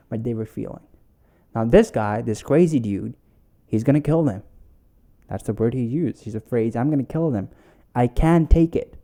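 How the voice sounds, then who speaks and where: Guy doing a self help podcast alone, very dark mellow voice, lots of uh and restarts while he tells a story. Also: mid-range voice, vocal fry. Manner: storytelling with frequent fillers and restarts, acting out quotes. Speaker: podcast host. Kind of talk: solo self-help talk.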